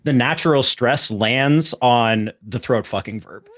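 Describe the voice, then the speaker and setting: A young man in casual podcast chat who rambles through academic stories with frequent restarts. His voice sits at an average pitch. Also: measured pace. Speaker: podcast co-host.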